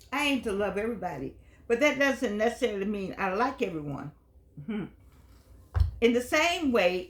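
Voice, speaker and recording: In an echoey room, an older woman with a medium-pitched voice hosts a show about senior life. Her casual motivational talk is earnest and conversational, punctuated by preacher-style emphasis and passages read from a book.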